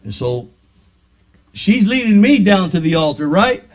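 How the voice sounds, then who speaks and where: A man's voice: high voice, very animated, a little slow. A man preaching, telling a personal story to his congregation and acting out the dialogue, then building to fervent praise. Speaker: pastor. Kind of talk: sermon testimony. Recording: dull lo-fi recording.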